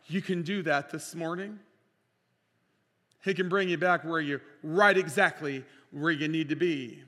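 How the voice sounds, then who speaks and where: A man preaching a sermon as pastor, impassioned, swinging between loud declarations and quiet storytelling. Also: fairly high pitch, measured pace. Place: church sanctuary. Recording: reverberant church hall.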